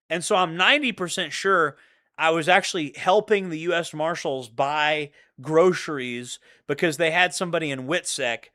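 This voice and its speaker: Bright-voiced man telling rambling stories. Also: on the high side, moderate pace. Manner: rambling, profane, repeats himself. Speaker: channel host. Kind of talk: casual storytelling monologue.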